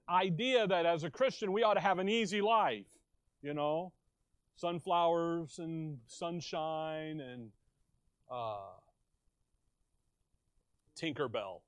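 A middle-aged male pastor preaching a sermon, slow and emphatic, asking the congregation questions and telling jokes. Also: on the high side, clean tone, no room sound. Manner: tells jokes with quoted voices.

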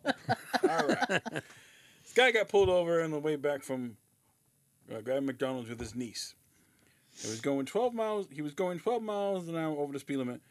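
A man's voice: on the high side, normal speed, long pauses, a little hiss or hum. A man co-hosting a podcast, telling jokey stories in casual chat. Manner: jokey storyteller, lively delivery. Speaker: podcast co-host.

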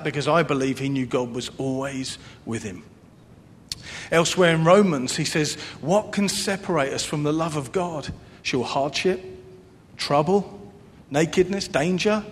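A man preaching a sermon as pastor, earnest, with a repetitive cadence. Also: normal speed. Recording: long reverb, faint rumble.

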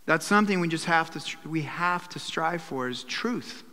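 High, bright-voiced male preacher in a hall. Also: expressive, normal speed. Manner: preaching with acted asides and quoted voices. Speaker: pastor. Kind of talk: sermon. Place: church hall.

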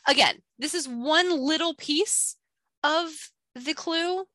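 A woman co-hosting a podcast, chatting casually as she recaps a book with quick asides. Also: sits high, bright, forceful tone, no room sound. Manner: chatty, quick asides, reads clues aloud. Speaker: podcast co-host.

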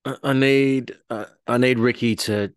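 Hesitant podcast panelist. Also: male voice, medium pitch, fairly even intonation, unhurried, clear, resonant tone, dry recording, clean studio sound. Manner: hesitant, thinking aloud. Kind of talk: casual sports podcast chat.

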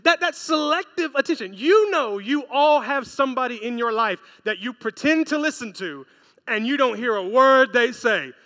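A high, bright male voice delivers a lively sermon full of acted-out anecdotes. It rings through a big hall with a long reverb trail. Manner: storytelling, animated, acts out quotes. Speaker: pastor.

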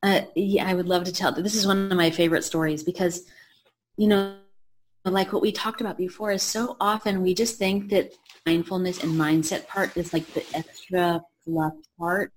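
A woman author and health coach talks as a podcast guest, telling a story with lively, animated energy. Her voice sits a little low for a woman. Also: normal speed. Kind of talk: storytelling in an interview.

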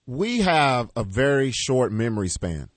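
Lively-voiced male radio co-host. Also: medium pitch, unhurried, no echo. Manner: easygoing, short replies. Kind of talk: sports talk radio banter. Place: radio studio. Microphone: studio microphone.

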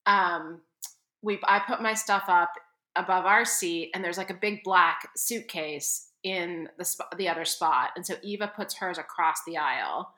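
A woman tells a story on a podcast, casual and animated, acting out each person she quotes. Her voice is bright and forward, and the room around her sounds echoey. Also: on the low side, measured pace. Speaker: podcast co-host.

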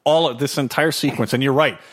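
A man's voice: mid-range voice, steady tone, fairly quick. A man hosting a podcast, chatting casually about a movie, chuckling and reading from his notes. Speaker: podcast host. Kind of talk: casual movie commentary chat.

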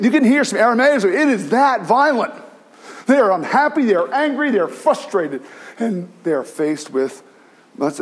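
A man preaching a sermon as pastor, animated, with many restarts, acting out the cries of the people he tells about. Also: sits high.

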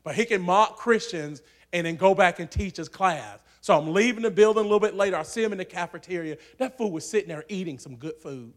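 A man preaching a sermon in a church, swinging from hushed asides to loud, shouting peaks. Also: high-pitched, fast, hardly any pauses.

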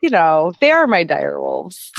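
A woman's voice: fairly low pitch, huge pitch swings, normal speed, gravelly, no room sound, dull audio. A woman on a fan podcast panel, talking in a rambling way with lots of restarts. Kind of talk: casual livestream chat.

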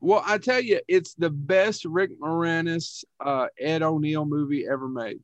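A man's voice: a little high, unhurried, dry recording, highs cut off. A man co-hosting a casual movie podcast, chatty and teasing. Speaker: podcast co-host. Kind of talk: casual chat.

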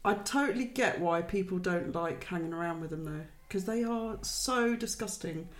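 A woman's voice: on the low side, normal speed, reverberant. A woman in her thirties co-hosting a podcast, chatty, telling a story and laughing often. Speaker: podcast co-host. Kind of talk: casual chat.

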